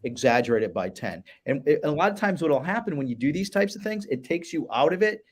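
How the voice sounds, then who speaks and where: A man's voice: on the high side, big pitch swings, brisk. A man, a business advisor guest, talking enthusiastically in a casual chat and repeating words as he starts.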